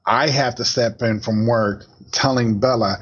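A man, a father, chatting casually on a podcast, telling stories about his young daughter and acting out her lines in a higher voice. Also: steady tone, measured pace, breathy edge, muffled recording. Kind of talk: casual chat, storytelling.

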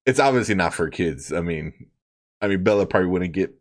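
Lively, low-voiced man chatting casually. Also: brisk. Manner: animated, laughs often, many fillers. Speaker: podcast host. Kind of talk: casual chat.

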